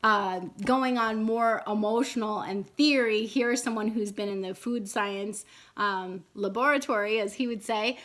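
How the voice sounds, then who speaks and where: A woman's voice: mid-range voice, pushed and bright. A woman in her thirties telling a personal story in a casual, rambling way, with many fillers and restarts. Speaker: vlogger.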